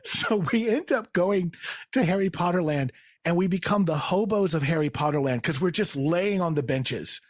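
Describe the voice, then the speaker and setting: A man with a somewhat high, husky voice spins a comic story in casual chat. His pitch leaps around as he acts out the quotes, and he laughs along. The sound is dry and close. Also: moderate pace, no echo. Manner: animated, acts out quotes in raised voices, laughs while telling. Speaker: guest storyteller.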